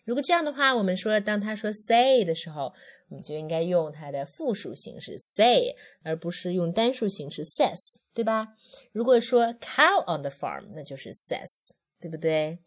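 Gentle woman coaching a child. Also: on the low side, big pitch swings, normal speed. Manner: gentle, coaxing teacher talk, sings along. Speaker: parent teaching a children's song. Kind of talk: bilingual kids' song lesson.

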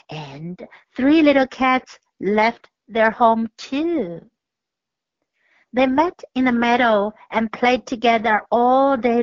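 A woman's voice: a little high, no room sound. A woman English teacher giving a picture-book lesson, explaining patiently and reading the story aloud. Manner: slow, careful, patient explaining. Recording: dull lo-fi dry recording.

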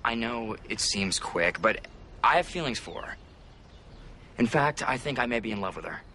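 An actor playing a defensive young man explaining a new romance, low-key and evasive. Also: expressive, normal speed, bright, forceful tone, a little hiss or hum. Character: young man defensive about dating an older woman. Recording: TV drama clip, distant with faint ambience.

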